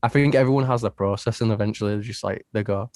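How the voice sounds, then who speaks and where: Laughing storyteller host, dry sound. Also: male voice, lowish voice, quick pace, darkish tone, no echo. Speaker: podcast host. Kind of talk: casual storytelling.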